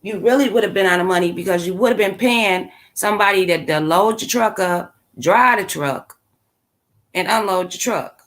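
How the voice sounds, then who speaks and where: A woman speaking at a moderate pace in a mid-range voice hosts her own channel. She chats casually with her live audience, blunt and sassy, voicing opinions in lots of slang.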